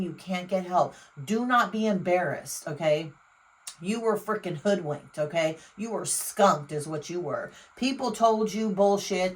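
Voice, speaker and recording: A woman doing a casual tarot reading, speaking bluntly and emphatically to the viewer. She swears freely, exclaims often and swings her loudness up and down. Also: lowish voice, low-quality recording. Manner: blunt, emphatic, profane, talks straight to the viewer. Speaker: tarot reader.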